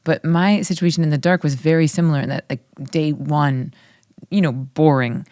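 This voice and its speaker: A woman's voice: low voice, steady tone, mellow, dry recording, studio quality. A young woman hosting a podcast, enthusiastic and affirming, chiming in eagerly. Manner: enthusiastic, affirming, quick interjections. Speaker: podcast host. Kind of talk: casual conversation.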